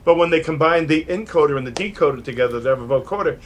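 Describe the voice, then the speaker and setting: A man's voice: a little high, quick pace, slight background noise. Older man rambling on a video call. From New York. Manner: animated, rambling storyteller with many restarts. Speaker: guest musician and producer. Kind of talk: casual interview over video call. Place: home studio full of synth gear.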